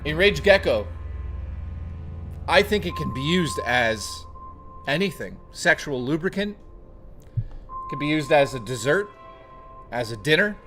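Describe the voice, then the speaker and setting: A man's voice: fairly high pitch, sing-song, unhurried, pauses often, fairly bright tone, faint music behind. Joking, rambling male streamer. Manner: talks to chat readers by name. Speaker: livestream host. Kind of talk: casual chat stream.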